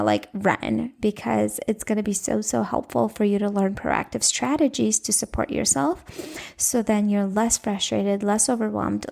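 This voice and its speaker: Gravelly, mellow-voiced woman in her thirties. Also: medium pitch. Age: 30s. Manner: earnest, conversational, speaks straight to the viewer. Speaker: parenting coach. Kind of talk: casual advice monologue to camera.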